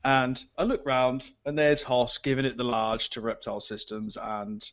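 A man's voice: medium pitch, little pitch movement, moderate pace, fairly bright tone. A British man telling a drunken night-out story in casual, swearing chat, often laughing. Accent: British English. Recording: dull lo-fi audio.

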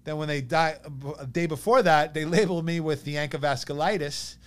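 Animated New York man telling his story. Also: on the high side, brisk. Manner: animated, quotes others in lively bursts. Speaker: podcast guest, chiropractor. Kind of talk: casual personal storytelling.

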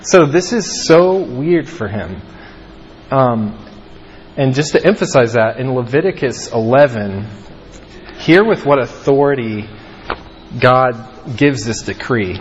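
A man's voice: mid-range voice, animated, slow. A young man giving an informal Bible teaching, talking casually with lots of "like" and "um". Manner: casual, peppered with "like" and "um". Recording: dull lo-fi audio with long reverb and faint ambient noise.

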